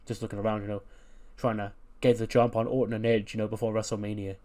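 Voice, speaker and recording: A man's voice: fairly low pitch, flat delivery, fast, dark tone, natural voice. A man doing a smug laid-back male wrestler. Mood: offhand.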